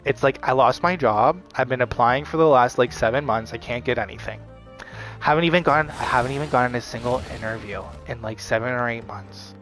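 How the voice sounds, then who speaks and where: A man's voice: mid-range voice, a bit bright. A man venting in a vlog monologue, swearing often and repeating himself with lots of fillers. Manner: profane, repetitive ranting with many fillers. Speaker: vlogger.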